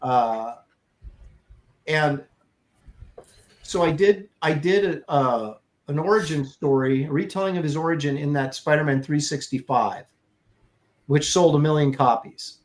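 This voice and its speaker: Middle-aged man, slightly high voice, casual rambling anecdotes, lots of fillers. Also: measured pace, pauses often. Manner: rambling, with many fillers and restarts. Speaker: podcast co-host and comic artist. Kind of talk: casual storytelling chat.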